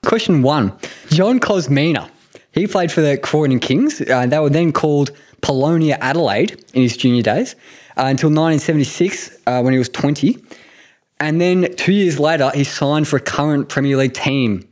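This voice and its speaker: A man's voice: on the high side, normal speed, a little mellow. Give me a casual Australian man hosting a podcast quiz, joking and rambling a bit. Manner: jokey, rambling with many ums.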